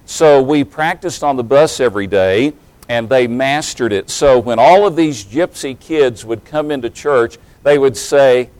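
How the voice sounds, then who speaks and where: A man's voice: mid-range voice, unhurried, darkish tone, no echo, rough recording. A man around forty from East Tennessee with a general American accent, preaching a sermon in a folksy, humorous way that builds into emphatic preaching. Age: late 30s to early 40s.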